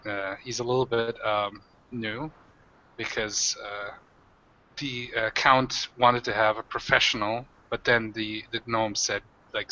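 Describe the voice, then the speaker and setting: Bright-voiced man running a tabletop game. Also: fairly low pitch, lo-fi sound, slight background noise. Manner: rambling, many fillers. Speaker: game master.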